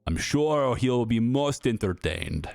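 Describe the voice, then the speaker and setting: A man voicing a cold, menacing German official with a put-on German accent, speaking slowly and smugly. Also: medium pitch, expressive, gravelly, darkish tone, dry recording, clean studio sound. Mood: coldly menacing. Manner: slow, drawn-out, smugly threatening.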